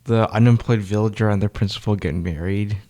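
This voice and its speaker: A man's voice: fairly low pitch, steady tone, a little fast, dark tone. A man co-hosting a podcast, giving brief, laid-back replies with chuckles in a casual movie chat. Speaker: podcast co-host.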